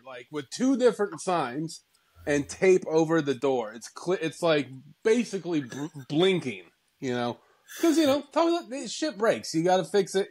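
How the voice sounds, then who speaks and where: A man in his thirties who talks a little high for a man and rambles through casual podcast chat. He leans on fillers and restarts and laughs a lot. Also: darkish tone, rough recording. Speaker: podcast co-host.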